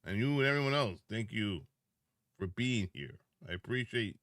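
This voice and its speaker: A man chatting casually with viewers on a live stream, sleepy and yawning, greeting people by name in drawn-out words. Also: mid-range voice, lively intonation, pushed and bright, dry recording, clean studio sound.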